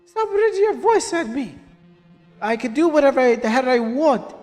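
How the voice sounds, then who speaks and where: Guy doing a high distraught game mom w/ a fake accent, pleading all over the place. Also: big pitch swings, normal speed, a little mellow, long reverb tail, soft background music. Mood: pleading, bitter. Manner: voice raised high, put-on foreign accent. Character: distraught pleading middle-aged mother.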